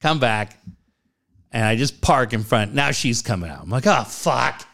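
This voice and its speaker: A middle-aged man in a casual chat, telling stories with lots of swearing and loud quoted voices. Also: medium pitch, animated, normal speed. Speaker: storyteller in a chat.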